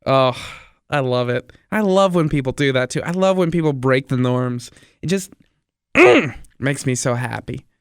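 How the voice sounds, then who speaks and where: In a casual solo episode of his own podcast, a young radio DJ and host talks with enthusiasm, rambling on and circling back to the same points. His smooth voice is medium-pitched at a moderate pace, captured in a dry, clean studio recording.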